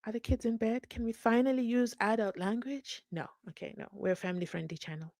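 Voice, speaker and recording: A South African woman hosts a casual livestream, reading viewer comments aloud and reacting animatedly with bursts of song and playful asides. Her voice is a little high, brisk, and gravelly, in a dry recording.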